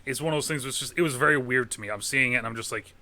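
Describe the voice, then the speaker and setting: A man's voice: mid-range voice, rapid-fire, sharp tone. A man hosting a podcast, chatting casually about movies, rambling and swearing freely. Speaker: podcast host.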